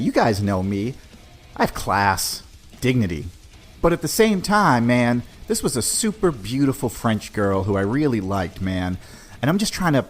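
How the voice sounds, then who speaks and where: A man hosting a podcast, telling a personal story in a loose, conversational way. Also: medium pitch. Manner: loose, conversational, animated, full of "man" and "you know". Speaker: podcast host.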